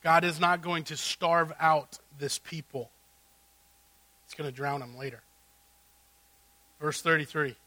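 A man preaching a sermon as pastor, swinging between loud exclamations and hushed asides. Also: fairly high pitch, normal speed, pauses often, no echo.

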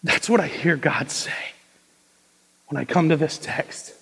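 A young man preaching a sermon, moving between hushed intensity and loud, emphatic delivery. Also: a little high, unhurried, creaky, husky. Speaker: pastor. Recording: long reverb of a large hall.

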